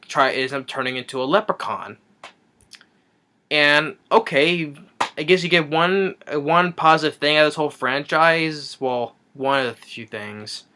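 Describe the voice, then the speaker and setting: A man's voice: mid-range voice, pushed and bright, smooth. A man giving a rambling, sarcastic movie review rant, recapping the plot with frequent restarts.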